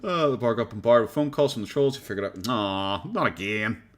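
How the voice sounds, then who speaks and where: A man's voice: medium pitch, lively intonation, quick pace, darkish tone. An Irish man chatting casually as a streamer reacting to videos, rambling, swearing and laughing often. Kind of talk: casual chat.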